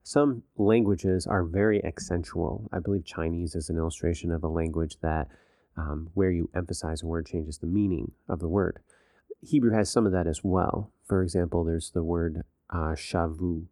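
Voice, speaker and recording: A man's voice: low voice, steady tone, normal speed, dark tone, no room sound, clean studio sound. A man in a casual podcast chat, explaining things patiently like a teacher.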